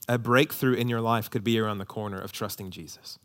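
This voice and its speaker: A man preaching a sermon to his congregation. He is emphatic, repeats key lines in a steady preaching rhythm, and slips in light, joking asides. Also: medium pitch, normal speed, hardly any pauses. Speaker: pastor.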